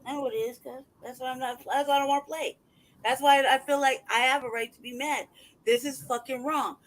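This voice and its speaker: Heated, profane man with a high voice. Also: steady tone, fairly quick, fairly bright tone, poor audio. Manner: heated, profane, reads documents aloud mockingly. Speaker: livestream host. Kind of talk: casual livestream rant.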